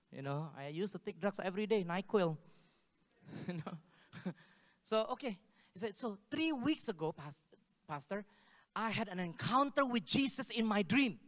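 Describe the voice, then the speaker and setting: A man preaching a sermon, telling stories and acting out the dialogue with laughs. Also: sits high. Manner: animated, acts out dialogue with laughs. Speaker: pastor. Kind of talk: sermon storytelling. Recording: hall with long reverb.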